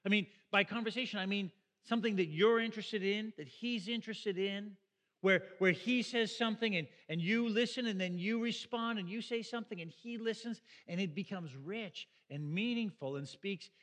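Man, pastor preaching, high-pitched, long reverberant hall. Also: normal speed, a bit bright. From Canada. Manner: conversational, asks the listeners questions. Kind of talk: sermon.

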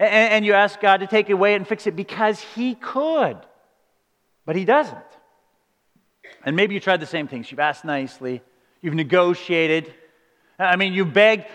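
High-voiced pastor preaching in a reverberant hall. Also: male voice, fairly bright tone. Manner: conversational, earnest, many rhetorical questions. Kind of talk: sermon.

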